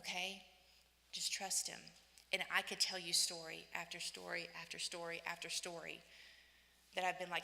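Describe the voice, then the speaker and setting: A woman in her fifties giving an inspirational church talk, telling personal stories in an animated way and acting out the voices she quotes. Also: fairly low pitch, moderate pace, gravelly. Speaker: women's day church speaker. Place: church hall. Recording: echoey church hall.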